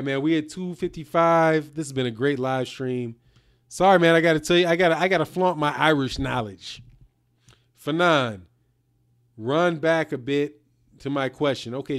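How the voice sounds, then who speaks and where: A male live streamer chats loosely with his viewers, full of slang, answering their comments one by one. He is a little tipsy from whiskey, and his voice sits slightly higher than most men's. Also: moderate pace. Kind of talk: casual live stream chat.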